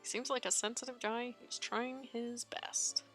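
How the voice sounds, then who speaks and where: A woman streamer reading a fan-made visual novel aloud in an expressive, giggly manner, faint game music behind. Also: a little high, unhurried. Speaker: let's play streamer.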